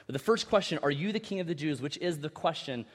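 A man preaching a sermon as pastor, in a conversational style with animated asides and repeated words. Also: on the high side, fast talker. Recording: long reverb of a large hall.

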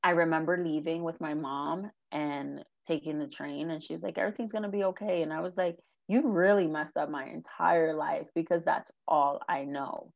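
A young woman with a slightly low voice tells her own hard story in an interview. She speaks earnestly and haltingly, often pausing on "um" and "like." She sounds close to tears. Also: fairly even intonation, vocal fry. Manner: earnest, halting, with many ums and likes. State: emotional, near tears. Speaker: guest sharing her life story. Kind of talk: emotional personal testimony.

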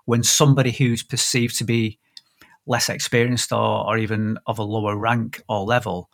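With a gravelly voice on the low side and a moderate pace, this man in his fifties hosts a podcast. He tells stories in a casual, animated way, frequently starting over.

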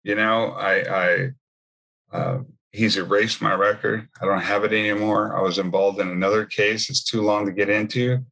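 A man with a low, husky voice tells his faith testimony. He talks in a loose, conversational way and keeps adding asides. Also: fairly even intonation, normal speed, sharp tone. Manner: conversational storytelling with many asides. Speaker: speaker sharing his testimony.

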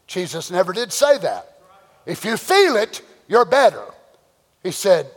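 A man preaching a sermon, swinging between folksy storytelling and shouted, drawn-out exhortation. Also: extremely high pitch, sing-song, long reverb tail. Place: church sanctuary.

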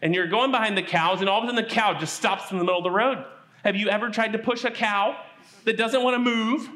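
A man telling a Bible story at a children's church service, animated and asking the kids questions. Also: high voice, quick pace.

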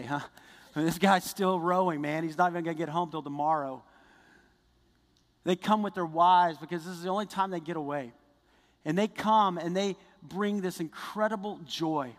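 A male pastor preaching a sermon, telling stories with excited earnestness that builds into fervent prayer. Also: fairly high pitch, in a large hall.

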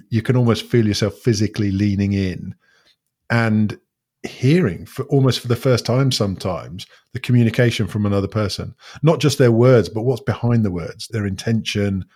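A man's voice: fairly low pitch, darkish tone. A man working as a coach, explaining his ideas in a thoughtful conversational way, often restarting his sentences. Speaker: guest coach.

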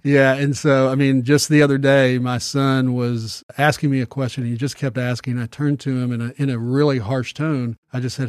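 A middle-aged man talking about faith in an earnest, reflective way, pausing to restart his sentences. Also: medium pitch, little pitch movement, a little mellow, dry recording. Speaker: podcast guest. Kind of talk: casual Bible discussion.

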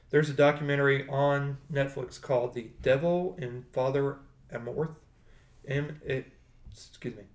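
A man's voice: mid-range voice, gravelly. A man chatting casually as a podcast co-host, rambling and correcting himself as he goes. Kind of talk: casual chat. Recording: roomy echo.

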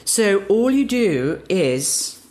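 A woman voice teacher giving a slow, deliberate, reflective workshop talk. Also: mid-range voice, very animated, a little mellow.

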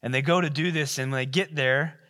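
Animated, slightly high-voiced male pastor. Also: fairly quick. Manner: casual, animated storytelling with playful asides. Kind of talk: sermon.

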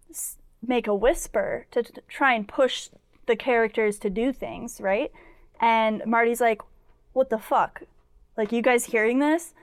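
A woman's voice: on the high side, smooth, no echo, clean studio sound. A young woman co-hosting a podcast, retelling a film in a rambling casual chat full of "like" fillers. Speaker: podcast co-host.

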